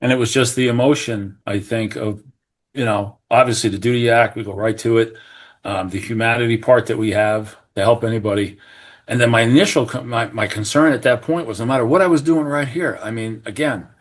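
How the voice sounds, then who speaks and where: A man's voice: medium pitch, fairly quick. Earnest middle-aged man telling a story. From New Jersey. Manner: earnest, animated, acts out quoted remarks, many restarts. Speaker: retired fire captain, podcast guest. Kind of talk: conversational storytelling.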